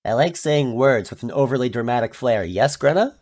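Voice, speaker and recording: A man's voice: medium pitch, animated, brisk, a little mellow. A man streaming a game, chatting casually in a rambling, self-mocking way with playful voice bits. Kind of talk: casual chat while playing a game.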